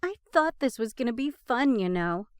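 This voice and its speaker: A woman's voice: fairly high pitch, very animated, moderate pace, clear, resonant tone, no room sound, clean studio sound, voice pushed up. A woman voicing a teasing young adult who has just transformed into a man, playful and then pleading. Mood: exasperated.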